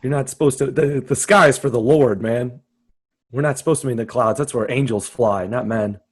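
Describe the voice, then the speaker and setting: A man's voice: medium pitch, fairly quick, slightly rough. A young man co-hosting a comedy podcast, riffing crudely in casual banter with a friend. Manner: riffing, crude, jokey, puts on brief silly voices. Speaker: podcast co-host.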